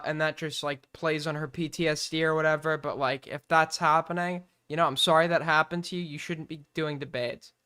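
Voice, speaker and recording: A man hosts a stream, reacting to a heated call debate with incredulous, mocking asides. His voice is bright and slightly high. It has a smooth, clean ring. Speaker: streamer host.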